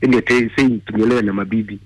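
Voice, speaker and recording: A man's voice: lowish voice, steady tone, quick pace, darkish tone, slightly rough, dry recording, poor audio. A man with a Kenyan accent calling in to a radio show, indignant and angry, firing repeated rhetorical questions. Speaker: caller. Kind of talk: call-in radio rant.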